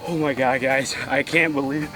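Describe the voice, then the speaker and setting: A man bowhunting, talking to the camera in the field, worked up and shaky with excitement. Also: medium pitch, fairly quick, far from the mic. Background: music.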